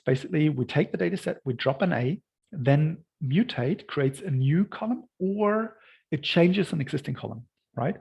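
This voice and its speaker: Guy walking through code in a workshop, kinda gravelly and husky, says "right?" a lot. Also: fairly high pitch, darkish tone, low-quality recording. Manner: explanatory, frequent "right?" checks and "basically". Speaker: workshop instructor.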